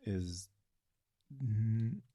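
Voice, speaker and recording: A man's voice: lowish voice, very slow, dark tone, no room sound, studio quality. A man co-hosting a casual podcast chat, thoughtful and searching for his words. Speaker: podcast co-host.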